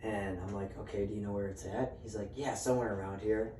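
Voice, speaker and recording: Speaking fast with a steady, mellow tone, a man whose voice sits on the low side tells friends a story, cursing freely and performing the quoted dialogue. The distant mic gives a roomy sound with faint ambience and slight background noise.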